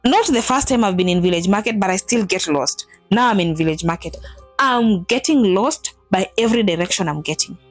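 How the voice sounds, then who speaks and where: A woman in her thirties tells a personal vlog story in an animated way, acting out what people said with big jumps in her voice. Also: brisk, dry recording, soft background music. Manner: animated, acts out quotes with big pitch jumps. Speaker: vlogger telling a personal story. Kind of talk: emotional storytelling to camera.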